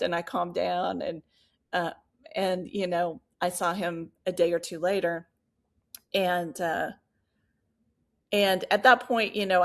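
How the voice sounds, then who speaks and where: A woman co-hosting a podcast, telling a personal story in casual chat, animated and full of fillers and asides. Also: fairly low pitch, gravelly. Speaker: podcast co-host.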